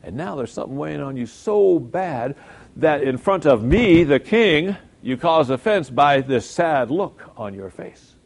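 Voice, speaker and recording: A man preacher voicing an ancient king who is puzzled and blunt, speaking casually with slow, exaggerated surprise. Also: on the high side, lively intonation, vocal fry, exaggerated voice.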